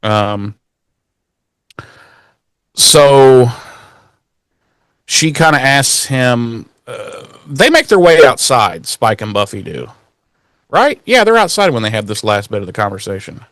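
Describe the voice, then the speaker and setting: A man's voice: mid-range voice, very animated, a bit bright, no echo. Profane, joking man recapping a show. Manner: profane, jokey, acts out characters in quick voices. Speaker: podcast co-host. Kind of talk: casual recap chat.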